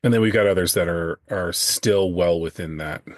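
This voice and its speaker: A podcast co-host chats casually, joking and teasing. His voice is low-pitched at a moderate pace, recorded at studio quality with no room sound.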